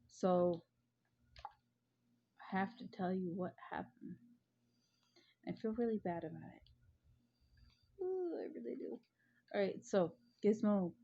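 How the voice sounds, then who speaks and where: A woman's voice: fairly low pitch, gravelly, dark tone, muffled recording. A woman vlogger telling a funny story in casual chat at home, chatty and prone to giggling.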